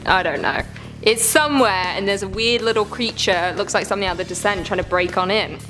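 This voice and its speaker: A woman's voice: mid-range voice, a little fast, a bit bright, soft background music. Chatty woman reacting to scary clips. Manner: chatty, swears, reacts with gasps and jokes. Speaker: reaction video host. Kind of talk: casual reaction commentary.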